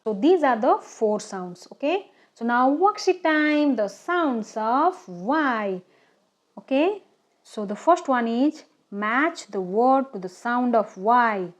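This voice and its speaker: A woman teaching a children's phonics lesson, speaking slowly and deliberately and often checking in with "okay?". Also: fairly high pitch, lively intonation.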